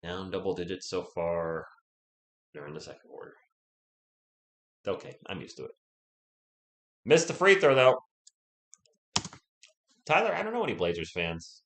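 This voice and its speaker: A man's voice: deep voice, expressive, moderate pace, pauses often, echoey room. A young man with a sore throat doing casual live play-by-play commentary and chatting with viewers, keeping his voice down. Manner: chatty, answers viewers, holds back from yelling. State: sore throat, sounds sick. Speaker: live stream play-by-play host.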